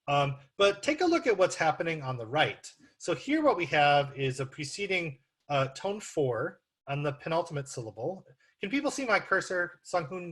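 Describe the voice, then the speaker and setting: A man's voice: on the high side, a bit bright, breathy edge. A man with an American accent gives an academic lecture over a video call, explaining slides with frequent ums and uhs. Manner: explanatory, many ums and uhs, walks listeners through slides. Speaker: guest lecturer.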